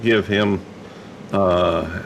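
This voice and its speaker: A man's voice: sits low, steady tone, drawn-out words, slight background noise. A middle-aged man co-hosting a casual livestream chat, talking with many fillers and restarts. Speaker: livestream co-host.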